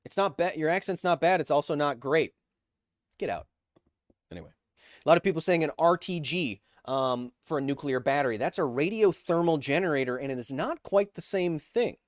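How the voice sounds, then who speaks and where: A man's voice: a little high, lively intonation, moderate pace, dry recording, clean studio sound. A man hosting a live stream, reading chat messages aloud with jokes and tangents while explaining science casually.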